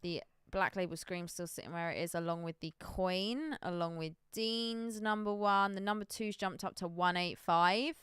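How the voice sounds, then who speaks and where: A woman's voice: fairly low pitch, normal speed, few pauses, a bit bright, clear, resonant tone, no room sound. A woman hosting a casual livestream, laughing often and reading out auction prices. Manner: giggly, playful, reads out prices. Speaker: host.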